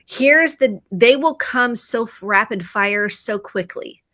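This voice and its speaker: A woman's voice: fairly high pitch, expressive, takes it slowly, fairly bright tone, no room sound. A woman therapist talking casually on a video call, telling stories and acting out her own quoted lines with animation. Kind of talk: video chat about mental health.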